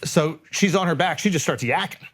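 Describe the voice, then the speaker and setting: A man in his thirties, a podcast host, telling a story in casual, animated talk and swearing freely. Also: fairly high pitch, normal speed.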